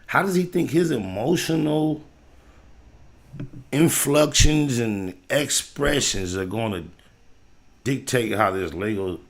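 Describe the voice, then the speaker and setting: Gravelly man hyping and lecturing. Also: takes it slowly, long pauses. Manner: animated, preachy, swings from loud hype to low lecturing. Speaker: livestream host reacting to a video. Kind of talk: casual livestream commentary.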